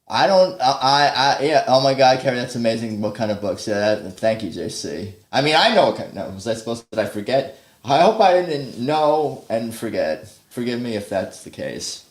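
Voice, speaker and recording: A man hosting a casual livestream while practicing guitar, rambling, thinking out loud and putting himself down. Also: medium pitch, expressive, moderate pace, reverberant. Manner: rambling, thinks aloud, self-deprecating. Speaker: livestream host. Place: home practice room. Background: guitar playing.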